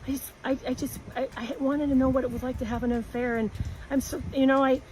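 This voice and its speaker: A woman telling a personal story in an earnest, halting way, with many restarts. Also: high voice, little pitch movement, a little mellow, slight background noise, low-quality recording.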